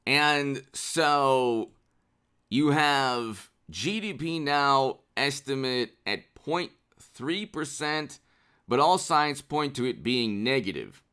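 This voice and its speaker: A man's voice: medium pitch, expressive, takes it slowly, sharp tone, clear, resonant tone. A man hosting his own political commentary channel, reading out headlines and mocking them in a sarcastic, off-the-cuff way.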